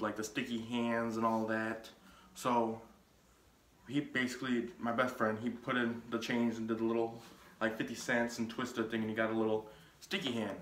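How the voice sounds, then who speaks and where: A man's voice: on the low side, fairly bright tone, reverberant, slight background noise. A young man telling a casual story on his vlog, rambling with lots of filler words and restarts. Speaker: vlogger.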